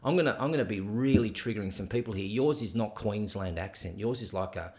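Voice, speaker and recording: A man's voice: fairly low pitch, brisk, a little mellow. A man hosting a casual podcast interview, talking in a teasing, jokey way. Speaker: podcast host.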